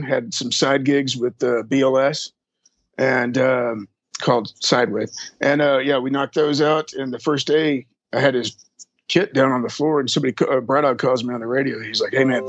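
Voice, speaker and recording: Man, husky and dry, easygoing storyteller with salty language, voices the people he quotes. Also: mid-range voice, dry recording. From Texas. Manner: rambling, profane, acts out quoted people. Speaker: drum tech. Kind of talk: casual storytelling interview.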